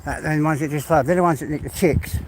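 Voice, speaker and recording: A man's voice: a little high, fairly even intonation, quick pace. Chatty English man walking outdoors. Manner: chatty, rambling, talks to his dog. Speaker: vlogger walking his dog. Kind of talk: casual vlog chat. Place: outdoors in the countryside by a river. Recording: clear outdoor background noise.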